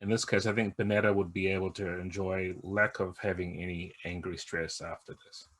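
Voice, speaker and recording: A low-voiced man describes his character's actions and then walks the group through the game's rules. He is earnest and explains things step by step. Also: level tone, a little fast, a bit bright. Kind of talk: playing and explaining a tabletop game.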